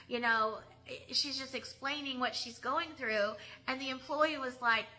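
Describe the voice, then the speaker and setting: Bright, high-voiced woman ranting. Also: measured pace, hardly any pauses, low-quality recording. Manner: emphatic and indignant. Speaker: mystery shopper vlogger. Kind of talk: casual vlog rant.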